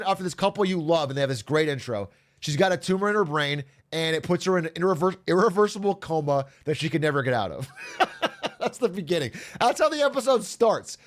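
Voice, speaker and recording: A man streaming to his chat, casually retelling an episode with lots of laughter and acted-out voices. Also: a little high. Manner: animated storyteller, acts out characters, laughs often, swears.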